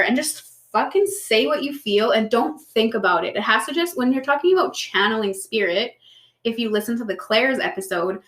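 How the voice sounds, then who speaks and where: A woman co-hosting a podcast, telling stories in casual chat, animated and swearing freely. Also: a little high. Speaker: podcast co-host. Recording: roomy echo.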